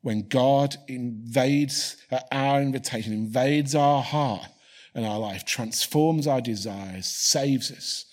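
A man's voice: medium pitch, slow, a little mellow. A man preaching a sermon and leading a prayer, earnestly repeating key phrases for emphasis. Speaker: pastor.

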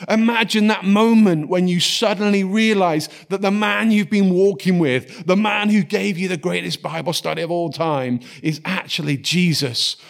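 Man preaching a lively sermon. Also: high-pitched, moderate pace, vocal fry, hardly any pauses. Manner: lively storytelling, drops to soft quiet tones for scripture.

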